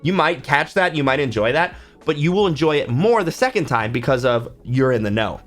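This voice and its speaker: Animated man chatting about stories. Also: medium pitch, fairly quick, soft background music. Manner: animated, acts out reactions with gasps and whispers. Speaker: book YouTuber and author. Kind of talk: casual talk to camera about films.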